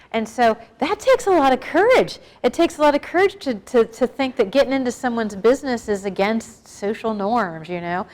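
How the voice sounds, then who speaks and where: A middle-aged woman giving an informal, frank talk to a live group on suicide prevention, often asking the audience questions. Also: high voice. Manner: conversational, asks the audience questions; frank, plain-spoken. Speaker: guest speaker on suicide prevention.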